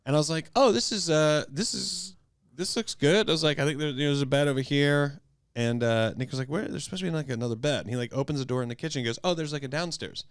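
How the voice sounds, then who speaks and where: A man hosting a podcast, telling a story in a casual, animated way and acting out the quotes. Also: racing, smooth, dry recording, studio quality. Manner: animated, acts out quotes with big pitch jumps. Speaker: podcast host.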